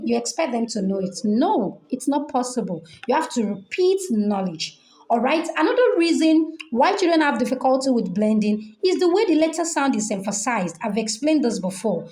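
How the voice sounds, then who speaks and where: A middle-aged woman with a Nigerian accent and a slightly high, slightly mellow voice runs an online training session in an echoey room. She coaches parents on teaching reading, repeating key points and checking in with "okay?".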